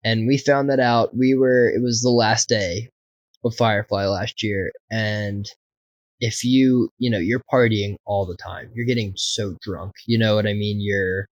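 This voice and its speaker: A podcast co-host with a fairly low voice tells a wild anecdote at an unhurried pace, animated, swearing often and laughing as he goes. The recording has no room sound and its highs are cut off.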